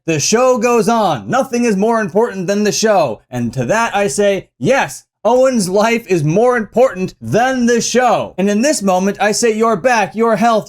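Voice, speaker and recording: Sarcastic high-voiced male commentator. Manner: sarcastic, mock-confrontational. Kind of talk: casual commentary vlog.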